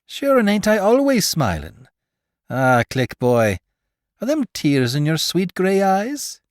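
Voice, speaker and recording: A man's voice: sits high, huge pitch swings, slow pace, dry recording, studio quality, voice pushed up, heavily acted. A man voicing a big, cocky Irish spaceman with a swaggering, folksy brogue and an Irish accent. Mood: jovial.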